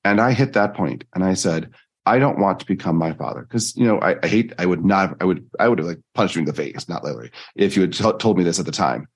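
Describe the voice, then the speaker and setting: Husky, animated man telling his story. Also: fast talker. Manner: earnest, animated storytelling with jumps in pitch. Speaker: life coach and podcaster. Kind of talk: conversational interview storytelling.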